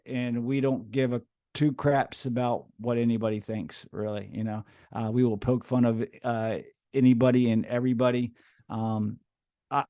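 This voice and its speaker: A man's voice: mid-range voice, a little mellow, dry recording, clean studio sound. A middle-aged man from the United States, a podcast host appearing as a guest, chatting casually with frequent stammers and jokes. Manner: stammering, laid-back, joking.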